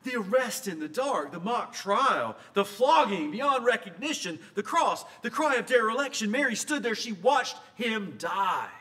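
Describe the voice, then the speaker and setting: A man preaching a sermon, telling a scripture story and moving between hushed and emphatic delivery. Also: high voice, sing-song, measured pace, few pauses.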